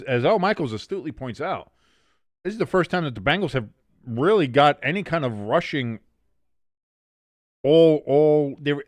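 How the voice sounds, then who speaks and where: Excitable man calling a game live. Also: fairly high pitch, dry recording. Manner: excitable, swears casually, reads chat aloud. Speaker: watch-along streamer. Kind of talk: casual live play-by-play commentary.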